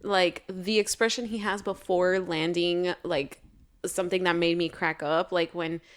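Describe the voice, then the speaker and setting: A woman's voice: on the low side, steady tone, measured pace. A woman co-hosting a casual book podcast, enthusiastic and full of fillers. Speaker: podcast co-host.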